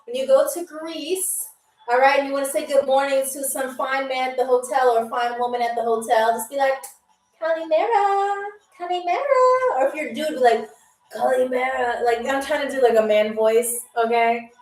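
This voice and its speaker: Female game show host for a live stream, high voice, chatty, recorded a little far off the mic in an echoey room. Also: fairly even intonation, brisk, a little mellow. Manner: chatty, greets viewers by name. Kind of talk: live-stream trivia hosting. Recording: roomy echo, distant mic, faint music. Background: faint music from a DJ.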